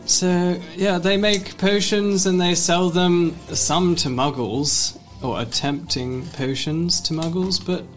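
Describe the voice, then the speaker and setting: An Australian man playing a tabletop game, talking in a hesitant, halting way. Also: sits high, soft background music. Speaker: player. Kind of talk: casual chat.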